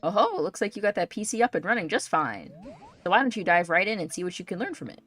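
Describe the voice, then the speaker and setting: Woman voicing a fussy older gentleman, polite, old-fashioned game mentor. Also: on the low side, very animated, fast talker, faint music behind. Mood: encouraging.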